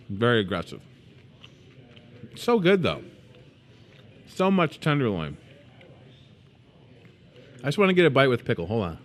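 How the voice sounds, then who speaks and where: A man's voice: mid-range voice, measured pace, long pauses. A man in his thirties hosting a store video show, chatting casually and joking while promoting food. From moved to Iowa as a student. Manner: playful, joking, animated.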